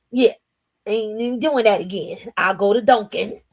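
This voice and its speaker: A woman's voice: a little high, unhurried. A woman from New Jersey with a New Jersey accent, hosting a casual morning livestream in a chatty, slangy way, laughing often and reading her chat aloud. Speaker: livestream host.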